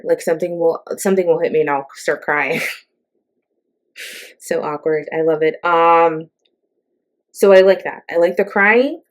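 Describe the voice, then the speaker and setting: A middle-aged woman hosting a casual, sarcastic ranting monologue, chatty and full of fillers and asides. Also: deep voice. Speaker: host.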